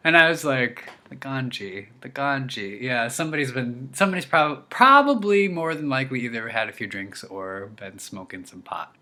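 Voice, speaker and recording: A young man telling a story to his viewers in a casual, animated way, full of restarts, his voice leaping up when he quotes himself. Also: mid-range voice. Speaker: vlogger.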